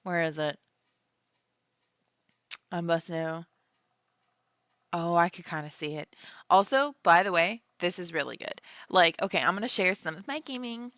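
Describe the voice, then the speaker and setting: A young woman talks casually to her stream from home, her voice sitting a little low. She is animated and laughs often, with plenty of fillers. The sound is dry and close, with no room echo. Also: unhurried, long pauses. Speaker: livestream host and author. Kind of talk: casual livestream chat.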